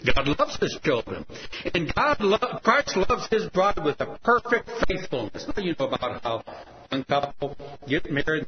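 Earnest male preacher on lo-fi radio. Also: medium pitch. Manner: earnest, emphatic preaching that drops to a soft, tender hush. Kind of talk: radio sermon. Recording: lo-fi radio broadcast with hiss.

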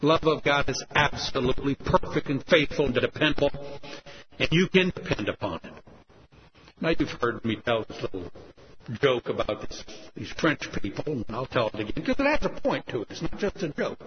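A male preacher giving a radio sermon, emphatic and earnest, often dropping to a soft, tender hush, on a lo-fi broadcast recording with hiss. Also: medium pitch, very animated, moderate pace.

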